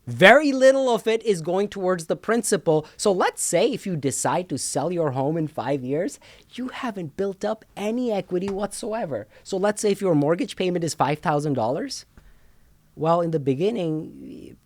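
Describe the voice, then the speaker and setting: A man's voice: high-pitched, lively intonation, moderate pace, dry recording. A man co-hosting a casual talk show, explaining finances emphatically, repeating words and checking in with "okay?" a lot.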